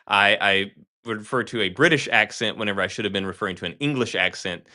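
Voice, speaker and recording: A man's voice: on the low side, fast, bright, forceful tone. A man hosting a podcast in casual chat, rambling and correcting himself with a joking tone. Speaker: podcast host.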